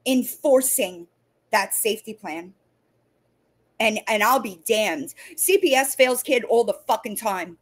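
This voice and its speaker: A woman's voice: medium pitch, a little slow. A woman hosting a livestream, ranting angrily with heavy swearing and stumbling restarts. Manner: angry, profane, stumbling restarts. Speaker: livestream host. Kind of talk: heated livestream rant.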